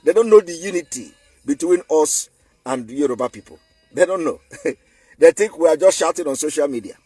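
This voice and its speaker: A man's voice: on the high side, lively intonation, brisk, dark tone, husky, no echo. A man with a Nigerian accent giving an emphatic, defiant online commentary, repeating his points for force. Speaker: political commentator.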